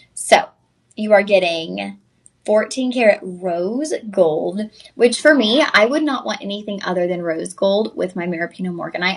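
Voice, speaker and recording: A woman's voice: medium pitch, slightly rough. A tired woman hosting a live TV shopping presentation, chatty and effusive, talking straight to viewers. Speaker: shopping channel host.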